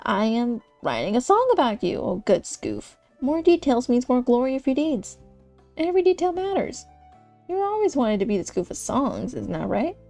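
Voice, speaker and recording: A woman's voice: high-pitched, sing-song, normal speed, a little mellow, soft background music. A woman voicing a teasing young woman who poses as an elf bard, in a flowery, mock-solemn manner.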